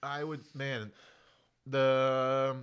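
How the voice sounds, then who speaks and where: A man's voice: mid-range voice, little pitch movement, extremely slow, clean tone, dull audio. A man hosting a podcast, chatting casually and laughing a lot, with a stutter on certain words. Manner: laughs a lot, playful banter. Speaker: podcast host. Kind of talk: casual chat.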